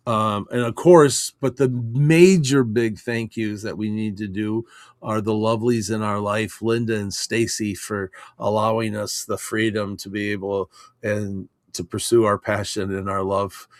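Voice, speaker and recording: A man co-hosting a casual chat show, rambling and halting with many fillers. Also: lowish voice, fairly even intonation, dry recording, clean studio sound. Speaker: co-host.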